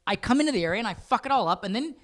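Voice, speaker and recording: A middle-aged man co-hosting a podcast in casual chat, animated and swearing freely, sometimes slipping into jokey put-on voices. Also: very high voice, very fast. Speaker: podcast co-host.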